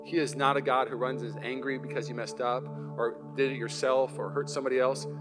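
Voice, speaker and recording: A male pastor preaching a live sermon in a church, telling a personal story in an animated way and acting out the scenes. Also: mid-range voice, fairly quick, over music. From Washington state, US. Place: church sanctuary, live service.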